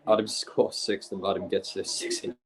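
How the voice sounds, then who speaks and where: A man's voice: low voice, little pitch movement. A young man, giving exasperated, sweary live reaction commentary as a football fan streaming a match. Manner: exasperated, sweary, fast-shifting rants.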